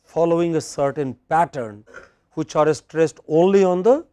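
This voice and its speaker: A man's voice: a little high, a little slow, mellow, no room sound. A man lecturing a class as a teacher, drilling pronunciation and checking in with questions.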